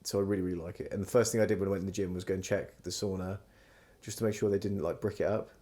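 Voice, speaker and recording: A man with a fairly low voice hosts a casual podcast. He rambles through a long story, swears freely and slips into quoted lines as he goes. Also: steady tone, racing, dark tone. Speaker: podcast host. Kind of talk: casual chat.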